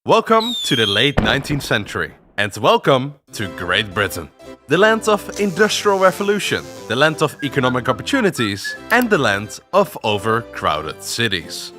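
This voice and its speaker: A man narrating an animated history video in a playful, scripted storytelling manner. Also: mid-range voice, moderate pace, soft background music.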